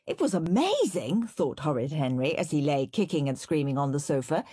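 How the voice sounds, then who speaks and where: A woman reading a children's storybook aloud in an expressive, lively manner. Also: sits low, normal speed, breathy edge, no echo, clean studio sound. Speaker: reader.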